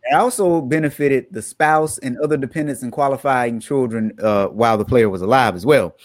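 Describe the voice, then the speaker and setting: Speaking a little fast at medium pitch, a man co-hosting a podcast walks listeners through a news story in a relaxed way, occasionally breaking into laughter. The recording is dry and rough.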